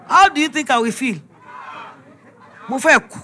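Bright-voiced Nigerian woman preaching a testimony. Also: high-pitched, moderate pace, slight background noise. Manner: storytelling, emphatic, animated retelling. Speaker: speaker giving a testimony.

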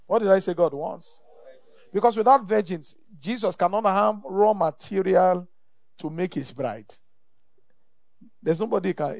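A middle-aged man with a Nigerian accent preaches a sermon, pressing his points by repeating them and calling out for amen. His voice sits high and carries a gravelly edge. The sound is close and dry, with no room around it. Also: a little mellow, no echo. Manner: emphatic, repeats phrases, calls for amen. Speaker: pastor.

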